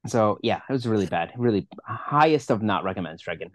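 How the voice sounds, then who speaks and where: A man's voice: fairly low pitch, expressive, brisk, no room sound. Profane ranting man, dry sound. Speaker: podcast co-host. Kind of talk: casual movie review chat.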